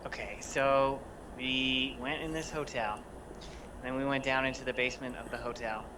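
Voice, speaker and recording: A man's voice: medium pitch, steady tone, noisy background. Formal-speaking man on a distant mic. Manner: formal, measured recounting. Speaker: player. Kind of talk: in-character tabletop report.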